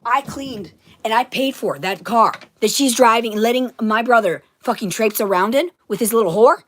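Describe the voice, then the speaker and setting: An agitated woman delivering a rambling, profane monologue to the camera, swinging between loud ranting and hushed whispers. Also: a little high, moderate pace, no echo. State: agitated, frantic.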